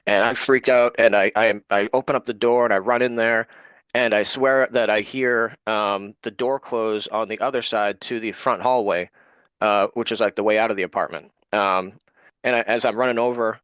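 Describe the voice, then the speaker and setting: A man's voice: on the low side, fairly bright tone, clean tone, no room sound. A man, an interview guest telling a personal story in casual talk and acting out what others said. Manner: retells events with quoted dialogue.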